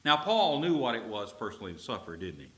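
A man from Texas, a preacher delivering an emphatic sermon and slowing down to stress key phrases. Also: fairly low pitch, big pitch swings, fairly bright tone.

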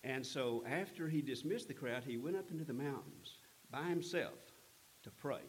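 A man preaching a sermon, retelling a scripture story in an earnest, unhurried way with frequent pauses. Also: mid-range voice, expressive, slight background noise, rough recording. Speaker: pastor.

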